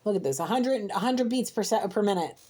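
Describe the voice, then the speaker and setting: A woman's voice: medium pitch, lively intonation, fairly quick, mellow, slightly rough. A woman giving a heated spiritual card reading, scolding emphatically and repeating herself as she rants. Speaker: intuitive card reader.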